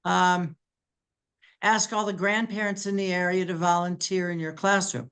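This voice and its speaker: A moderator reading chat comments aloud over a video call, haltingly and with muttered asides. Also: mid-range voice, flat delivery, fairly bright tone, smooth.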